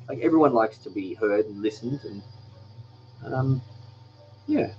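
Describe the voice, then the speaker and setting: Soft-spoken aussie guy in his 40s rambling through a live chat, kinda dull audio, music behind. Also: fairly low pitch. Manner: relaxed, rambling, with pauses. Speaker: cooking channel host. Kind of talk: casual live chat, reading viewer comments.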